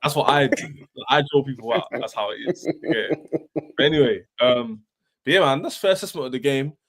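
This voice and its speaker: A man hosts a casual football debate with friends. His voice sits at a middling pitch, and his talk is slangy and laid-back. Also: a little fast, a bit bright. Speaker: podcast host.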